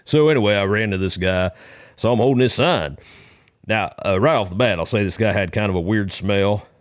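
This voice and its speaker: A man's voice: fairly low pitch, fairly quick, dry recording, studio quality. A man calling in to a comedy podcast, telling a meandering story in a folksy manner with rural grammar. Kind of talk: rambling comic monologue.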